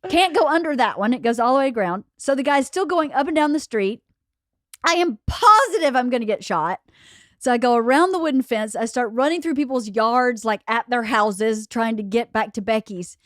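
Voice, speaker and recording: A woman's voice: fairly high pitch, expressive, normal speed, no room sound. Lady telling a wild story on her podcast, laughing as she goes, bouncy voice, dry mic. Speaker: podcast host. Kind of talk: casual storytelling chat.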